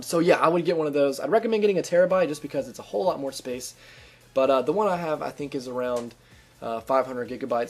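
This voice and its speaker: This male gaming video host, whose mid-range voice is a little mellow, chats through casual gameplay commentary and shares channel tips. He stays upbeat and talkative, frequently saying um and starting over.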